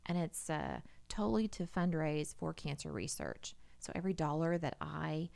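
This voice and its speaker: A middle-aged woman with a low, gravelly voice, talking as a guest on a casual podcast. She tells her stories with lively energy and drops the odd swear word along the way. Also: moderate pace. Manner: animated storyteller, swears casually. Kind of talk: casual chat.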